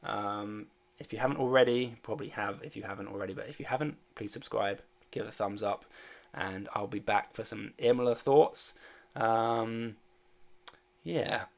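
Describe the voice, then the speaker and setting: Male streamer, deep and gravelly; loose, hesitant, filler-heavy chat with viewers. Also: normal speed. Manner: rambling and hesitant, many fillers; reads and answers viewer chat. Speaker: fantasy sports streamer. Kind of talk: casual livestream chat.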